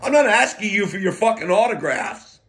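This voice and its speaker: A man's voice: high-pitched, big pitch swings, fairly quick, a bit bright. A middle-aged man rambling in a casual monologue, profane and emotional, with muttered asides and wry laughs. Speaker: poet and vlogger.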